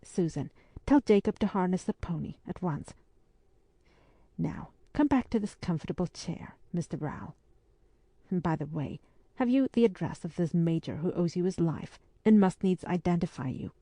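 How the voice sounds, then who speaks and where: A woman reading the part of a brisk, firm English spinster hostess in an audiobook. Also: fairly low pitch, lively intonation, dark tone, no echo.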